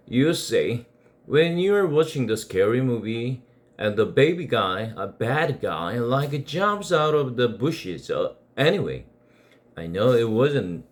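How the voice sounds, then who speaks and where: A man from South Korea, an English teacher, reading a children's novel aloud in a slow, expressive way. He takes his time, and his pitch rises and falls a great deal.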